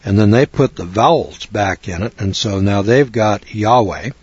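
A man's voice: on the low side, moderate pace, a little mellow, breathy edge, dry recording, muffled recording. An older man from the western United States talking in a folksy, rambling way about names and scripture, often spelling words out letter by letter. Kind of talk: casual religious talk, answering a question.

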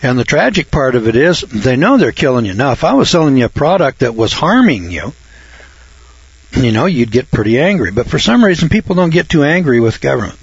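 A man's voice: medium pitch, big pitch swings, fairly quick, creaky, husky, dry recording, highs cut off. A man hosting a radio talk show, ranting in a folksy, indignant way. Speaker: radio host.

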